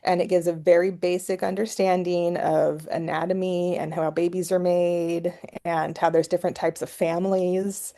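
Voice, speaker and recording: A woman's voice: on the low side, flat delivery, moderate pace, gravelly, dark tone. A middle-aged woman, a psychology professor guest, telling chatty stories in a casual podcast conversation. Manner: storytelling, chatty with laughs and restarts.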